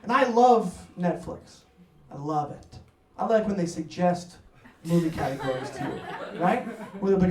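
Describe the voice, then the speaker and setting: A man from New York doing a stand-up comedy set in an apartment, talking in a profane, animated way and acting out his family's voices. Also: sits high, fairly quick. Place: apartment living room. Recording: roomy sound from a distant mic.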